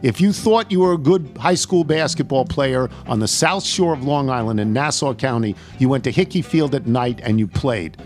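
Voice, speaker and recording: A man's voice: mid-range voice, moderate pace, hardly any pauses. An older man hosts a radio talk show in a rambling, easygoing way, chuckling as he reads listener emails aloud. Faint music sits under his voice. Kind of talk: casual radio chat.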